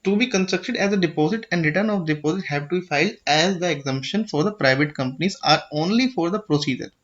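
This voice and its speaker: A man with an Indian English accent, a little high-pitched, walks through a filing form step by step. He keeps asking "okay?" and restarts his phrases. The audio is dull and lo-fi. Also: fast. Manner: repeats "okay?" to check understanding, with frequent restarts. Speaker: tutorial presenter. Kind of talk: explanatory screen-share tutorial.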